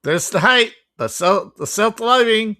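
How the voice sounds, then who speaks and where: A woman's voice: mid-range voice, expressive, unhurried, sharp tone. A woman hosting a reaction commentary, sarcastic and mocking. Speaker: host.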